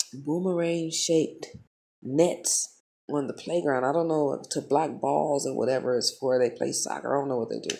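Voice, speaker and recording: A low-pitched woman tells a story straight to her audience. She talks in a heated, profane and animated way, in the loose flow of a casual vlog. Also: gravelly. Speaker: vlogger.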